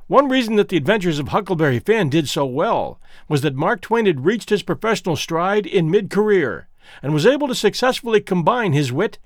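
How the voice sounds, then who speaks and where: A man with a Midwestern accent hosting a story podcast, giving a measured, explanatory introduction and reading aloud. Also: sits high, no room sound, clean studio sound. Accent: Midwestern American. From American Midwest. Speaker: podcast host and reader.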